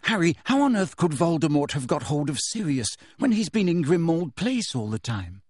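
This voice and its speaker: Hermione, as a male reader puts her on, high and pleading. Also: big pitch swings, normal speed, a little mellow, husky, no echo, clean studio sound. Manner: pleading, hesitant, reasoning. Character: anxious, insistent teenage girl witch.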